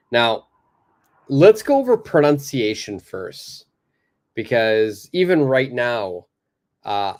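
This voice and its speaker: Male teacher running a live lesson, relaxed and encouraging, slow delivery. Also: lowish voice. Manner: relaxed, encouraging, lots of "uh" fillers. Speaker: English teacher.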